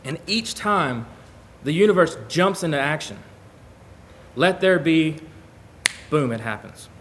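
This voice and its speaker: Man, preacher, casual sermon, reading scripture, slightly high voice, faint background hum. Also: animated, a little slow. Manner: conversational, reads scripture aloud. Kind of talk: sermon to a congregation. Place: church.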